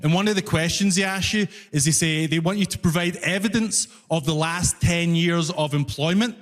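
A man from Scotland with a Glasgow accent, doing an animated, self-mocking stand-up comedy set on stage. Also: a little high, normal speed. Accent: Scottish, Glasgow. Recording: live club mic with long reverb and faint noise. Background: audience laughter.

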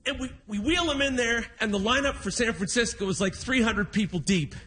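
A male stand-up comedian with a high, bright, ringing voice tells a story on a music hall stage. He is animated, acting out the people in his story as he goes. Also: fairly quick, slight background noise. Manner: animated storyteller, acts out quotes.

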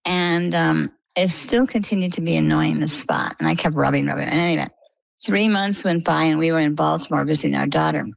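An older woman from Maine, a guest telling her own story in a chatty, lively way. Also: deep voice, brisk, vocal fry, dry recording. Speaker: interview guest. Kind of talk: casual storytelling.

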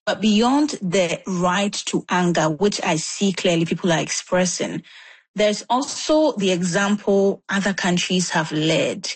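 A woman's voice: fairly low pitch, measured pace, slightly rough, dry recording. A woman interviewing a guest, asking probing questions in a conversational way. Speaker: news interviewer.

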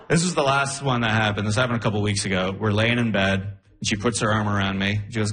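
A young man doing a stand-up comedy set on a club stage, telling his story in an animated way and laughing through his lines. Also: on the low side, moderate pace. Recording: roomy club sound with light noise.

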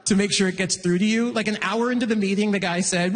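A man doing a stand-up comedy set, self-mocking and animated, jumping into loud acted-out bits. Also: fairly quick. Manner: animated, self-mocking, jumps into loud high act-outs. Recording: long reverb of a hall.

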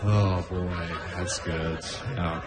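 A man's voice: sits low, fairly even intonation, extremely slow. A man doing a stand-up comedy set on a club stage, talking loosely and chuckling at his own jokes. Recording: roomy club sound.

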